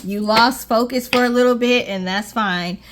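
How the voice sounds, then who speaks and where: A woman's voice: a little high, normal speed, noisy background. A woman giving a casual tarot reading to viewers, reassuring and checking in with "okay?" often. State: briefly out of breath. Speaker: tarot reader.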